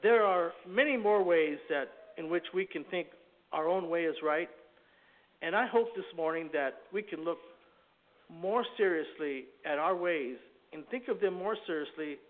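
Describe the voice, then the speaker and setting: A man preaching a sermon, reading a story from a book aloud in a halting, earnest way before speaking in his own words. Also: a little high. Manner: halting, earnest reading with frequent self-corrections. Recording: tinny phone-like recording.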